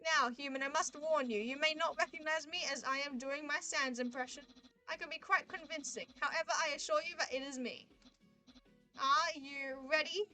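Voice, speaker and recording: A proud, earnest skeleton, put on by a woman, announces everything in grand, formal phrases. The voice sits high and sounds bright and sharp. It is a game character read aloud during a stream. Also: normal speed, faint music behind. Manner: proud, eager declarations. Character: boastful, cheerful male skeleton, earnest and grand. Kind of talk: reading a visual novel aloud on a livestream.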